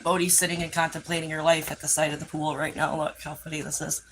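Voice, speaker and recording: A woman's voice: low-pitched, little pitch movement, quick pace, a little hiss or hum, poor audio. A woman hosting a casual livestream outdoors by a pool, talking loosely and profanely while coaxing her dogs along. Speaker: livestream host.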